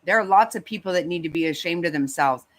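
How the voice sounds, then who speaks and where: A woman's voice: fairly low pitch, fast. A woman hosting a livestream, ranting bluntly and heatedly with lots of swearing. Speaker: livestream host. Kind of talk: angry casual rant to chat.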